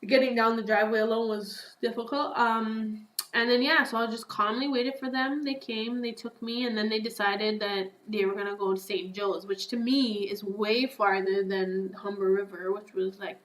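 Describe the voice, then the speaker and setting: A woman's voice: mid-range voice, normal speed, hardly any pauses. Chatty woman in an echoey room. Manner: chatty, animated, acts out her own past lines, many "like"s and "yo"s. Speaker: podcast guest. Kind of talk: casual storytelling.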